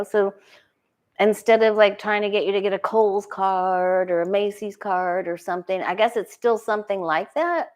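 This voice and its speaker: Woman reading tarot cards, chatty and thinking out loud, keeps asking herself stuff and restarting. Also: medium pitch. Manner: musing, asks herself questions aloud, frequent restarts. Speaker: tarot reader. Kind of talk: casual solo talk reading tarot cards.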